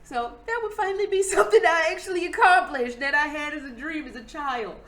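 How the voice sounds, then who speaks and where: A young woman with a Philadelphia accent talks loosely to the camera, rambling and swearing without a second thought. Her voice sits a little high, and a faint hiss runs under it. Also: brisk, fairly bright tone. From Philadelphia, USA. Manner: swears freely, rambling, laughs often. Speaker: vlogger. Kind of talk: casual chat to camera. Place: apartment room indoors.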